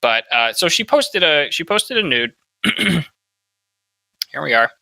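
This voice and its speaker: Bright-voiced opinionated male podcast host. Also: a little high, very animated, slow pace, vocal fry, no room sound, poor audio. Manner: opinionated, peppers talk with "right?". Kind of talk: casual political commentary.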